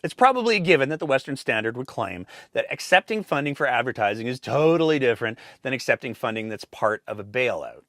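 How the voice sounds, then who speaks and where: A man's voice: medium pitch, a bit bright, dry recording, studio quality. Sarcastic man reading political commentary. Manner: sarcastic, pointed. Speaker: host.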